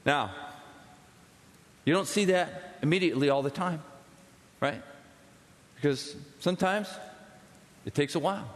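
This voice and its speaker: A man in his forties preaching a sermon, telling stories in an animated way and swinging between loud excitement and hushed intensity. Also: a little high, unhurried, long pauses. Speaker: pastor. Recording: long hall reverb.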